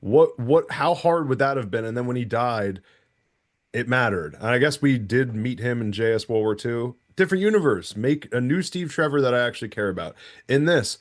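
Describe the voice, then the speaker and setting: A man co-hosting a casual podcast chat, talking in animated, rapid run-on rants full of self-interruptions. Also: mid-range voice. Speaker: podcast co-host.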